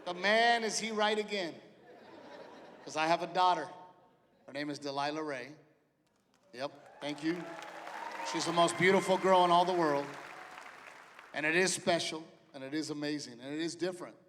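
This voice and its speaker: A middle-aged man doing a stand-up comedy routine, animated storytelling that acts out his family members. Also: fairly high pitch, moderate pace, long pauses, some chatter behind. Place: large theater with live audience. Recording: live venue reverb, audience noise.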